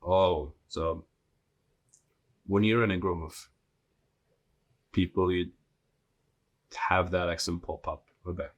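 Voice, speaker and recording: A man with a very deep, husky voice hosting a solo podcast. He talks bluntly and casually, mixing crude jokes and swearing into his advice. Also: steady tone, takes it slowly, pauses often, lo-fi sound. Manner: blunt, profane, joking. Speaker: podcast host.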